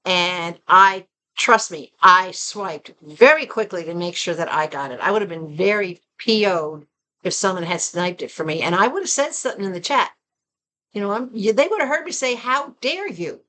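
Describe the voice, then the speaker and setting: A woman with a Southern American accent chatting casually and expressively to her viewers from home. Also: moderate pace. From Southern United States. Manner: chatty and expressive, rising to animated pitch when excited. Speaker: vlogger. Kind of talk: casual chat.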